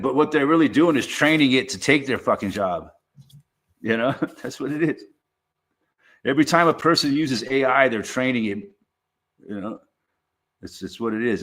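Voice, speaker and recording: A man streaming a casual monologue, rambling and swearing freely, with lots of halting restarts and "you know". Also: mid-range voice.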